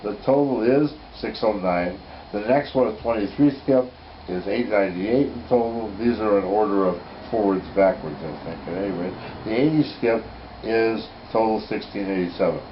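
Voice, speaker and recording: A man's voice: fairly low pitch, moderate pace, a little hiss or hum. A man teaching an informal lesson on Torah codes at home. He is enthusiastic, thinks aloud and corrects himself as he goes. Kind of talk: informal Bible code lesson. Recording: slightly muffled home recording.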